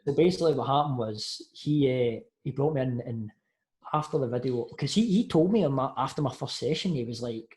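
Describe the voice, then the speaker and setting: A young Scottish man, a podcast guest, telling football stories in a lively casual way and acting out what people said. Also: mid-range voice, brisk. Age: young adult. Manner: lively anecdotes, says mate a lot, acts out quotes. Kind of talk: casual storytelling chat.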